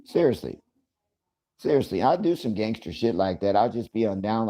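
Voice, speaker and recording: A man's voice: lowish voice, very animated, moderate pace, mellow. A man hosting a casual livestream, talking loosely and profanely, joking, and greeting viewers by name. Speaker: livestream host.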